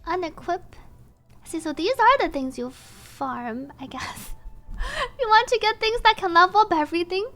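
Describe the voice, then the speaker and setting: A woman streamer giving casual gameplay commentary, thinking aloud and breaking into excited, giggly reactions. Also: very high voice, moderate pace, soft background music.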